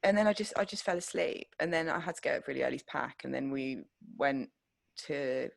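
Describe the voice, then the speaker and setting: A woman's voice: a bass voice, fairly quick, vocal fry, dry recording. Young woman, podcast co-host, rambling chatty storyteller, dry mic. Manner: chatty storytelling with many "like"s, swears freely. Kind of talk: casual chat.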